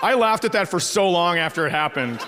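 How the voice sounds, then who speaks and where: A middle-aged man doing stand-up storytelling with animated, crude delivery that jumps higher for the punchlines. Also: fairly quick, long reverb tail, crowd noise, background noise. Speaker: stand-up comedian.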